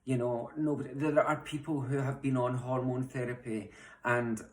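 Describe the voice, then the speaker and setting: A woman's voice: extremely low pitch, flat delivery, moderate pace, a little mellow. A young transgender woman with a Scottish accent, making an impassioned, frustrated appeal straight to camera from her home, blunt and swearing at times. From Scotland. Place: home, room mid-move. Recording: roomy echo.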